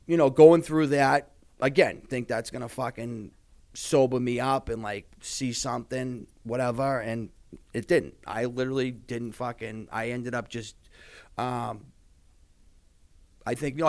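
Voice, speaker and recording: A man's voice: medium pitch, a little slow. Rambling, swearing man. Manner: rambling, heavy swearing, many fillers. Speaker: podcast guest. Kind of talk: casual interview talk.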